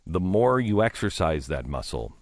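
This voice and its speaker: A middle-aged man hosting a radio talk show, telling a story in a rambling, halting way with many restarts. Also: big pitch swings, a little mellow, no echo, studio quality. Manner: rambling, halting with many restarts, drops low for quoted asides. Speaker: radio host. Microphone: studio microphone.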